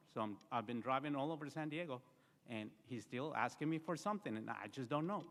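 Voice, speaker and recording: A man with a medium-pitched, slightly bright voice delivers an earnest eulogy at a memorial service, speaking briskly and expressively. He fills his memorial speech with stories and frequent fillers, and the hall around him is reverberant.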